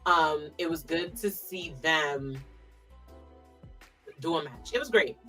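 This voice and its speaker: Woman, podcast co-host, casual slangy chat, low pitch, faint music behind. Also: takes it slowly, a bit bright, recorded from a distance. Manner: chatty, emphatic, slangy asides. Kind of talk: casual wrestling recap chat.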